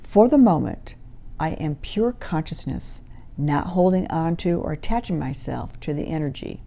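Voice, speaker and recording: A woman hypnotherapist reading session stories from her own book in a calm, measured, soothing manner. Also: sits low, gravelly.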